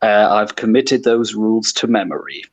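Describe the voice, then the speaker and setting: A man with a very low, deep voice speaks in character at a tabletop game. He talks eagerly but haltingly, with many fillers and restarts. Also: fairly even intonation, a little hiss or hum. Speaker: tabletop player. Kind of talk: in-character role-play chat.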